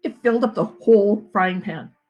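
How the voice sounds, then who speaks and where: Recording a live video on a phone or laptop from home during quarantine, a woman who is a school principal reads a children's book with expression and speaks asides to the kids. She talks at normal speed in a mid-range voice, and the audio has its highs cut off.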